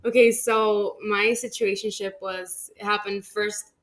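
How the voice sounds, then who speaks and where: A young woman co-hosting a podcast, chatting candidly and reacting with quick exclamations. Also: mid-range voice, flat delivery, a bit bright. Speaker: podcast co-host. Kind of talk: casual chat.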